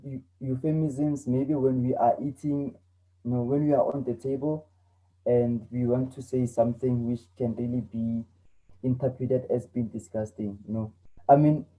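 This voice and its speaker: A man's voice: mid-range voice, dark tone, highs cut off. A young man teaching an online English lesson to teenagers, earnest and repeating himself as he explains. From South Africa.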